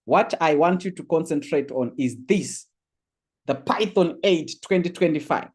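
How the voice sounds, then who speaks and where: Animated man hosting a webinar. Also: a little high, normal speed, slightly rough. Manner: animated, reads chat aloud, laughs often. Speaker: online course facilitator. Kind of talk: live webinar orientation.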